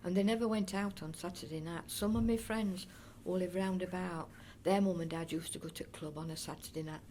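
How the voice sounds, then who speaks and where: The recording carries a little hiss or hum as an older woman, an oral history interviewee from England's North East Derbyshire area, chats and rambles through her memories. She speaks a little fast in a fairly low, dark voice with a steady tone, often restarting and slipping in fond asides.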